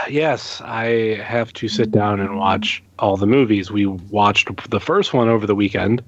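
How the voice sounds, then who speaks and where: A man's voice: lowish voice, measured pace, no room sound, highs cut off. A man in a casual podcast chat, talking hesitantly with many fillers.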